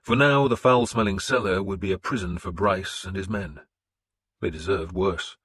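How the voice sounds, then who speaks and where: Deep husky male audiobook narrator. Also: no room sound, clean studio sound. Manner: steady, measured storytelling. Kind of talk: scripted first-person narration.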